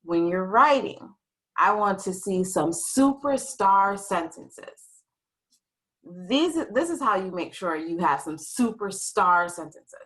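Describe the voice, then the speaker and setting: A young adult woman teaching a writing lesson to young children in a slow, expressive, sing-song teacher voice. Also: medium pitch, rough recording.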